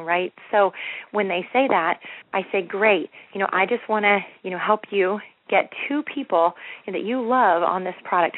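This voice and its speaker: A woman speaking on a training conference call, upbeat and energetic, repeating herself and acting out sample sales scripts. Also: mid-range voice, dry recording. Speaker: network marketing leader on a training call. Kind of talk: motivational conference-call talk. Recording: tinny phone line, dry.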